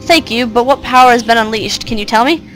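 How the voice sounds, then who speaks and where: A woman's voice: a little high, brisk, fairly bright tone, soft background music, close to an everyday voice, poor audio. A woman voicing a brave eleven-year-old girl, reading polite, earnest game dialogue aloud.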